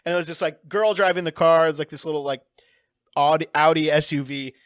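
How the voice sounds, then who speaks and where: A man's voice: on the high side, fairly even intonation, fast talker, smooth, no room sound, clean studio sound. Rambling, foul-mouthed man telling stories. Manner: rambling, profane, heavy use of filler "like". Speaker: guest comedian. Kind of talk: casual storytelling chat.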